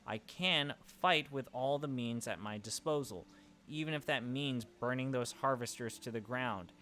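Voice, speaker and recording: Brief: man voicing a defiant, swearing woman activist, bright and forceful delivery. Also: mid-range voice, measured pace. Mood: furious. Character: furious woman eco-protester, fiery and foul-mouthed. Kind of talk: game dialogue read aloud.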